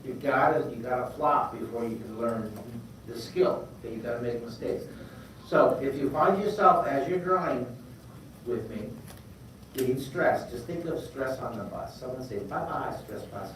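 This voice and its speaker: An upbeat man leads a class of children through a drawing lesson, cheering them on and calling for answers in a medium-pitched voice. He is heard from a distance in a very echoey school hall. A clear layer of background noise sits underneath. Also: moderate pace. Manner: energetic, encouraging, call-and-response. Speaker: drawing teacher.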